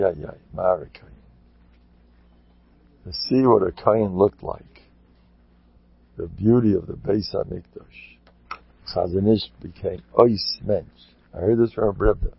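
Husky man teaching with fiery outbursts. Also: on the low side, no room sound, dull audio. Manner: swings from mumbling asides to impassioned shouting. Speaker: Torah teacher. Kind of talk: dramatic Torah class storytelling.

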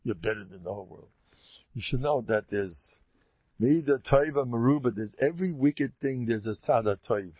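A teacher gives an informal, emphatic Torah talk, often repeating phrases for stress. His medium-pitched voice is animated with a breathy edge and moderate pace. The recording is dull, lo-fi and dry, with no room sound.

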